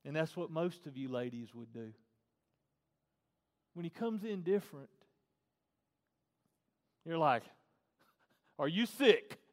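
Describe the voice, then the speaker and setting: A man with a high voice preaches to his congregation, sliding between soft, hushed lines and loud, fervent bursts. The sound carries a long church-hall reverb. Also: lively intonation, unhurried, pauses often. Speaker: pastor. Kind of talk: sermon.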